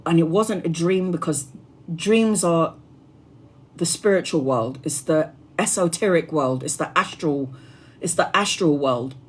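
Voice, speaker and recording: A woman's voice: deep voice, a little slow, slightly rough. A woman tarot reader telling a personal story on a livestream in an earnest, heartfelt, spiritual way.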